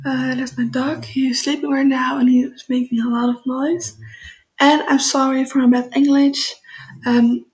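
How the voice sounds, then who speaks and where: A teenage girl from the Netherlands with a Dutch accent, a Dutch native speaker introducing herself in a casual vlog, talking slowly and hesitantly with many fillers. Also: high-pitched, level tone, a little mellow, poor audio. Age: teens. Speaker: vlogger.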